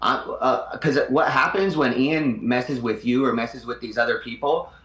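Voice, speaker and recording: A man's voice: medium pitch, normal speed, a bit bright. A man talking as a podcast guest about his fight, explaining at length with a grievance. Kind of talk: casual interview talk. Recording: echoey room.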